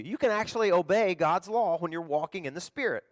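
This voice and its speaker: A middle-aged pastor preaching in a folksy, animated style, climbing to loud emphasis and then dropping low. His voice sits a little higher than most men's, and the sound is close and dry. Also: fairly quick, hardly any pauses, no echo. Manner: animated, swings between loud emphasis and quiet storytelling. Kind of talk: sermon.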